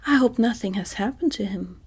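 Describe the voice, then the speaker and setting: Cast: woman voicing earnest storybook scarecrow in whispered role-play, breathy. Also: mid-range voice, a little fast, a little mellow. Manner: earnest, eager. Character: cheerful talkative male scarecrow.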